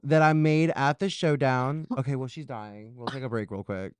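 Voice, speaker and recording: A man's voice: medium pitch, steady tone, normal speed, smooth, no echo. A man hosting a podcast in casual chat, playful, campy and teasing. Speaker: podcast host.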